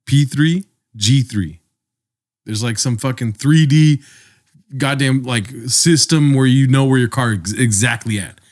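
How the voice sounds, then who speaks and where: A man's voice: mid-range voice, unhurried. A young man co-hosting a podcast, telling a long rambling story with lots of swearing. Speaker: podcast co-host. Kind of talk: casual chat.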